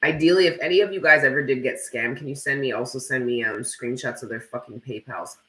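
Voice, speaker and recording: A man with a mid-range, sharp voice talks a little fast while hosting a tarot live stream, reading viewer comments aloud. He's casual, blunt, and profane, saying "like" a lot. The low-quality recording sounds echoey, with slight background noise.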